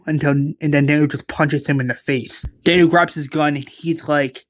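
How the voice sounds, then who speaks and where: A man retells a fan-fiction story in a casual, rambling way, full of fillers and restarts. His voice sits a little high, and the recording is dry and close. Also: fairly even intonation, normal speed, few pauses, no echo.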